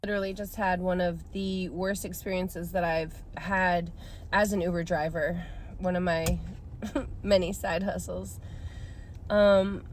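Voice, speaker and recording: A woman's voice: on the low side, darkish tone, a little hiss or hum. A woman in her thirties, a rideshare driver casually telling a story and acting out the people she quotes.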